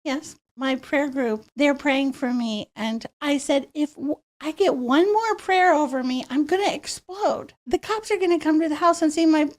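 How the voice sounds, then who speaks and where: A woman who grew up in Miami, a podcast guest telling stories in an animated way and acting out the quotes. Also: sits high, moderate pace, few pauses. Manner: animated, acts out quotes in voices. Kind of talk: storytelling in a podcast interview. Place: studio.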